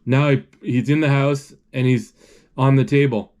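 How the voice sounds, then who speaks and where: This movie describer speaks with a medium pitch and a steady, darkish tone, giving live play-by-play of the film. Halting and searching, he restarts his sentences often and uses many fillers.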